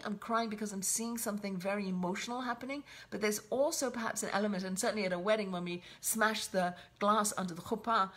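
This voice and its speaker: A woman's voice: medium pitch, fairly bright tone. A woman giving a reflective spoken Torah lesson on a weekly portion, often repeating and restarting her phrases. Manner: reflective, with frequent restarts and repetition. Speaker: Torah teacher.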